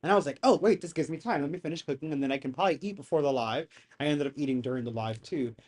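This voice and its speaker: A live streamer in casual commentary, animated and exasperated, rambling with slang and frequent swearing. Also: mid-range voice, rapid-fire. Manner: rambling, restarts sentences. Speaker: streamer reacting to a hearing.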